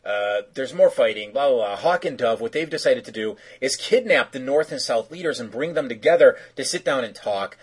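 Husky man casually recapping a cartoon. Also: medium pitch, expressive, a little fast, hardly any pauses, rough recording. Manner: rambling, joking, filler-heavy. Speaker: podcast co-host. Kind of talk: casual chat, episode recap.

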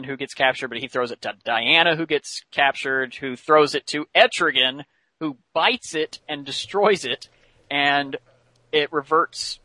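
A man's voice: medium pitch, bright, forceful tone, dry recording. A man casually retelling a cartoon episode as podcast host, chatty with many fillers. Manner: chatty, many fillers, laughs while telling.

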